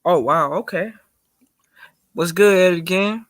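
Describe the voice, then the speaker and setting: A man's voice: high-pitched, takes it slowly, no echo. A man joining a live online talk show over video call, greeting people in a laid-back, friendly way. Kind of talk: casual live-stream chat.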